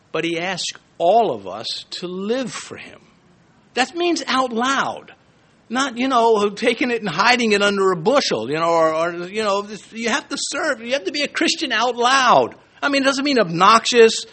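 A male pastor delivers a sermon in a bright, high voice that leaps up and down with energy. He punctuates his points with emphatic bursts and playful asides, then drops suddenly to a softer tone. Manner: animated, emphatic, joking asides with quick swings between loud and soft.

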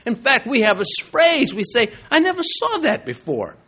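A male pastor preaching a sermon, emphatic and animated. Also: moderate pace, slightly rough. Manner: animated, emphatic preaching with big swings in pitch.

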